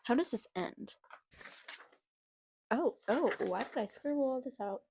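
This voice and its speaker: A woman's voice: on the high side, lively intonation, unhurried, warm tone, slight background noise. A young woman vlogger reading an old story aloud with amused, self-mocking commentary.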